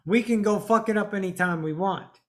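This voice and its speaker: A woman giving a spiritual monologue, blunt and preachy, swearing freely and stretching out words for emphasis. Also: mid-range voice. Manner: emphatic, drawn-out stresses. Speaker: spiritual teacher.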